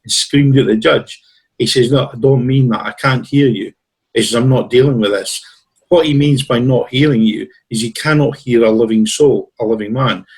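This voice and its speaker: Husky guy rambling through stories as a show guest, mid pitch, acts out what people said. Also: normal speed, a little mellow, poor audio. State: tickly throat with coughs. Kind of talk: storytelling in a conversation.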